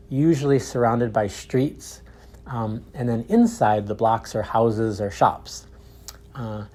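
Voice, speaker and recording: A man teaching English, with clear, deliberate repeat-after-me drills. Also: medium pitch, darkish tone. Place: outdoors in a park.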